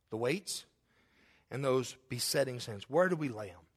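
A man's voice: mid-range voice, expressive, moderate pace, husky. A man preaching a sermon as pastor, with an emphatic, repetitive cadence and earnest, personal asides to the congregation. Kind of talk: sermon with altar call.

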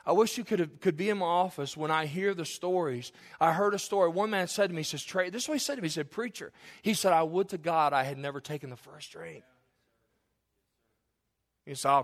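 A pastor preaching in church with a high, bright-edged voice. He swings from loud, emphatic declarations down to hushed, close asides. His delivery is lively and conversational. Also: fairly quick. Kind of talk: sermon.

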